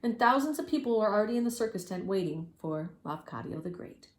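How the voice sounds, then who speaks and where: A woman reading a children's story aloud with lively, expressive storytelling and spoken sound effects. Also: mid-range voice, a little fast. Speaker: reader. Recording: roomy echo.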